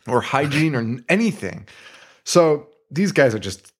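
A man co-hosting a podcast, casually retelling a film scene with excitement, swearing and laughing. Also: medium pitch, measured pace, slightly rough. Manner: excitable retelling, swearing, putting on silly voices. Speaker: podcast co-host. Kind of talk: casual film-review chat.

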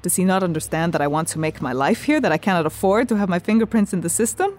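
An actress playing a blunt, matter-of-fact young Estonian immigrant woman in a radio drama, speaking halting, broken English with an Estonian accent and searching fillers. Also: fairly low pitch, darkish tone, close to an everyday voice.

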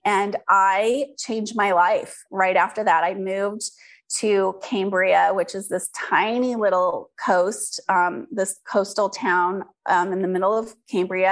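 A woman from California, an interview guest and business founder, telling her life story candidly and earnestly, with frequent ums and restarts. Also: mid-range voice. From California, USA.

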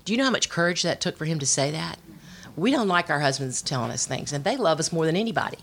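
A woman's voice: low-pitched, fast, slight background noise. A middle-aged woman telling a personal faith testimony, acting out quotes as she goes. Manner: animated storytelling with voiced quotes. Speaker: speaker sharing testimony.

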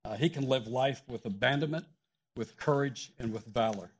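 A man preaching in a church, calmly explaining a Bible passage. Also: mid-range voice, normal speed, slightly rough. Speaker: guest preacher. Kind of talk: shared sermon, scripture teaching.

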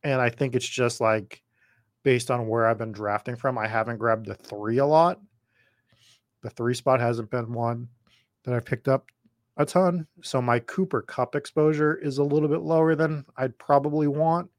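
A podcast host rambles in a chatty way while he drafts live and responds to viewer comments, his mid-range male voice a little worn. His tone stays steady and his pace moderate, and the recording is studio quality with no room sound.

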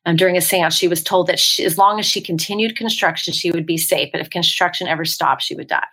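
A woman's voice: lowish voice, quick pace, breathy edge. A woman from the San Francisco Bay Area, a ghost tour guide, telling stories in a casual podcast chat and acting out the voices she quotes. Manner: animated storyteller, acts out quoted voices.

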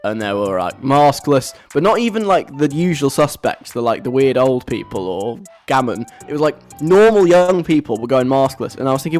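A radio host in casual, animated chat, telling a story and acting out the voices of people overheard. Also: mid-range voice, moderate pace, few pauses, faint music behind. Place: radio studio.

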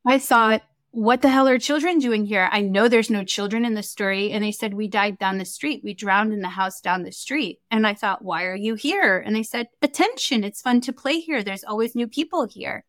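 A young adult woman with a medium-pitched voice speaks at a moderate pace with few pauses, recorded dry. She's a guest in a casual interview who reads Akashic records, and she tells a story animatedly, acting out the quoted dialogue.

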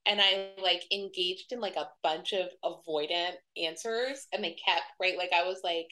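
A woman in her thirties talks as a guest in a relaxed interview, her voice slightly low with a gravelly fry and a bright edge. She tells stories in a loose, chatty way, full of fillers, and acts out the voices of people she quotes. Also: normal speed, hardly any pauses, rough recording. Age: 30s. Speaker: guest, wedding website publisher. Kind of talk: casual conversational interview.

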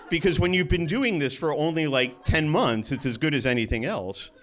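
A man's voice: fairly high pitch, moderate pace. A man telling a first-person story on stage in a conversational way, with small restarts, acting out the other people he quotes. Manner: animated, acts out the voices of others in his story. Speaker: storyteller, pediatric oncologist.

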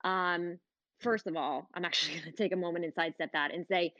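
Woman host, 30s, earnest and emphatic, lowish voice, dry and slightly muffled recording. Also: quick pace, a bit bright, dry recording. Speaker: host of a live online talk. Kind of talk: casual heartfelt talk.

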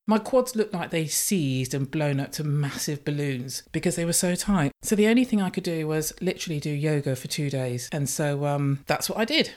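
A middle-aged woman, telling lively personal stories in a casual monologue and swearing now and then. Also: low-pitched.

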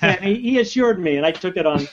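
A man, an author, telling stories in a lively, chatty way during a podcast interview. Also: high voice, fast talker, dull audio.

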